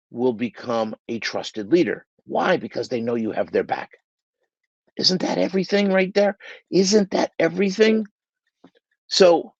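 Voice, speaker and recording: A man's voice: mid-range voice, dry recording, highs cut off. A man hosting a motivational business talk, earnest and emphatic, repeating key points for stress. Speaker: business coach and podcast host. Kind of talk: motivational talk to shop owners.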